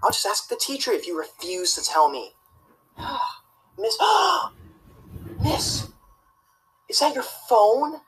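A woman's voice: medium pitch, big pitch swings, slow, long pauses, breathy edge, full character voice, low-quality recording. A woman acting a prissy, rule-obsessed teacher's pet student in a comedy sketch, tattling and preaching about the rules. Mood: preachy, disappointed. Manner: tattling, self-righteous and preachy.

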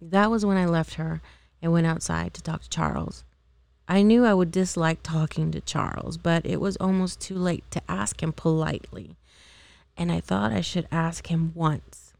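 A woman's voice: fairly low pitch, steady tone, moderate pace, vocal fry, a little mellow, dry recording. A woman reading a novel aloud as an amateur, unpolished, with occasional slips and re-reads. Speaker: amateur reader.

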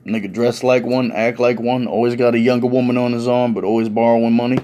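A man's voice: mid-range voice, little pitch movement, fast, dark tone. A man telling a funny story in casual, profane street slang.

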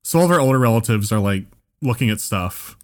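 A man's voice: lowish voice, expressive, fast talker. A man telling a long story in casual chat, rambling and full of fillers.

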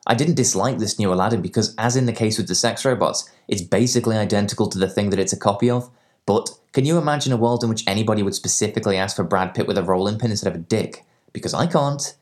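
Fast, sweary man reviewing films. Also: on the low side. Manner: sardonic, sweary. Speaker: film reviewer. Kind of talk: scripted comedic review narration.

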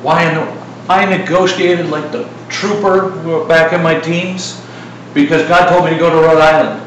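Middle-aged male preacher, chatty sermon with jokes, slightly high voice, echoey hall, distant mic. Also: moderate pace, a little hiss or hum. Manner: conversational, joking asides, animated retelling.

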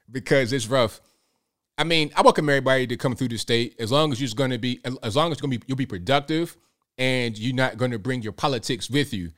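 A man hosts a loose, casual commentary stream at an ordinary, middle-of-the-road pitch. He rambles from point to point, wanders off on tangents and speaks straight to his viewers. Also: a bit bright. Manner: rambling, digressive, addresses viewers directly. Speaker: livestream host.

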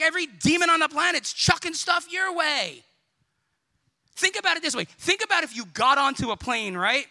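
A man preaching a sermon in a strikingly high, sharp and piercing voice. He delivers it with lively energy, slipping into character voices for his stories and climbing to shouts at his strongest points. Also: normal speed. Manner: animated, acts out quoted voices, builds to shouts.

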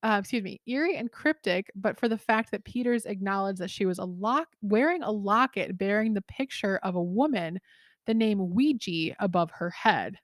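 A young adult woman co-hosting a podcast in casual chat, lively, laughing easily and often correcting herself mid-sentence. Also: medium pitch, normal speed, dry recording, clean studio sound. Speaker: podcast co-host.

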